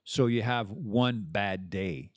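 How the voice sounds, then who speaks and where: A man's voice: on the low side, takes it slowly, no room sound, studio quality. A man hosting a podcast, talking in a rambling, casual monologue full of restarts and the odd swear word. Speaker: podcast host.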